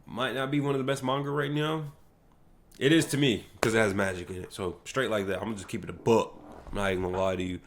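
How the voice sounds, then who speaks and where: A man's voice: lowish voice, fairly even intonation, fast, slight background noise. A young American man hosting a solo livestream podcast, talking casually in slangy, hyped, rambling bursts. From United States.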